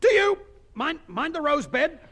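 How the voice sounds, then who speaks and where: A man's voice: very high-pitched, very animated, a little slow, a bit bright, full character voice. An actor playing a man fussing and straining as he lifts something heavy. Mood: strained.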